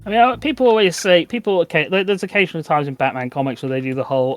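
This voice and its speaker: A man's voice: a little high, steady tone, racing. A man hosting a game stream, chatting casually with friends, joking and swearing freely. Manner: crude, joking, swears a lot. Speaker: streamer host. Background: game music.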